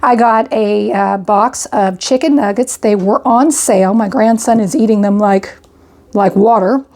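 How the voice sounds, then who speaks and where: Going item by item through her groceries, an older woman who runs a homestead vlog chats away, a little breathless, with frequent "I got" and "went ahead." Her mellow voice is medium-pitched and a little slow.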